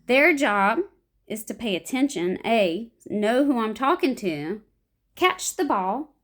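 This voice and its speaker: A young woman explaining improv to beginners, animated and acting out short example lines. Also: fairly high pitch, takes it slowly. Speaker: improv teacher.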